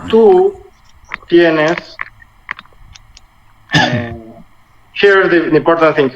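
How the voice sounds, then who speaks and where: Halting young man teaching over video call. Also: on the high side, animated. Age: 20s. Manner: halting, repeats and rephrases while explaining. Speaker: Spanish teacher. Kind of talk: online language lesson. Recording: muffled video call audio with faint noise.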